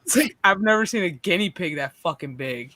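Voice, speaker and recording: A man hosting a casual stream chat, telling animated, profane stories. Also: sits high, fairly quick, noisy background. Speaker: streamer host.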